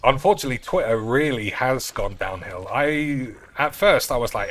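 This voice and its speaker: A man's voice: medium pitch, expressive, normal speed, fairly bright tone. A man chatting casually and swearing freely while streaming a card game. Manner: rambling, sweary, offhand. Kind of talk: casual live-stream chat while gaming.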